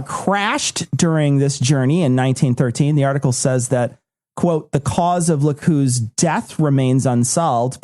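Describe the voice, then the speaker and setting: A man's voice: a little high, darkish tone. A man hosting a comedy podcast, reading out facts in a wry, matter-of-fact way with joking asides. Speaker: podcast host reading the list.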